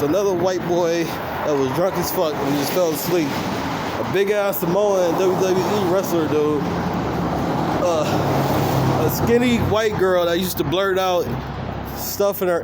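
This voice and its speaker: A man's voice: a little high, normal speed, heavy background noise. A man vlogging, telling a story in a casual monologue. He is profane and blunt, laughs often, and acts out the quoted dialogue.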